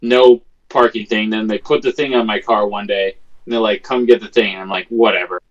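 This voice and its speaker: Man, casual podcast storyteller, profane and animated, slightly dull lo-fi sound. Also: fairly low pitch, fairly quick. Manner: animated, profane, re-enacts quotes. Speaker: podcast co-host.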